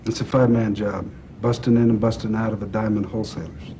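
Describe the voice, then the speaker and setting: Man playing an older crime boss, gruff, blunt, profane, dark mellow tone. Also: lowish voice, flat delivery, fast talker, a little hiss or hum, lightly acted. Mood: businesslike. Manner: blunt, profane, dryly teasing. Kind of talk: film drama acting.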